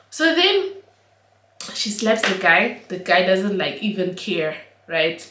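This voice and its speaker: A young woman, telling an animated, slangy storytime for her vlog. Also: mid-range voice, slow pace, a little hiss or hum. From Namibia. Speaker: vlogger. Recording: roomy echo.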